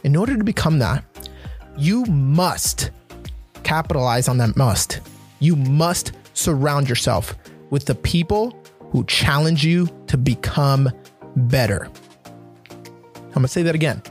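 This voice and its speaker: A man hosting a motivational talk for men, speaking earnestly and emphatically, slowing down to repeat his key points. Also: fairly high pitch, expressive, soft background music. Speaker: men's motivational podcast host.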